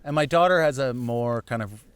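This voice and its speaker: A man's voice: mid-range voice, moderate pace, clean tone. A middle-aged man talking as a comedian guest in a casual podcast chat, telling rambling, self-deprecating stories.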